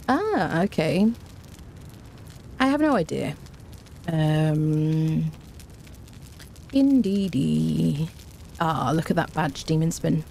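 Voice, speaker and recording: Brief: woman game streamer, lower voice, rambling chatty banter, greets viewers one by one. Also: mellow, slight background noise. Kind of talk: casual live-stream chat.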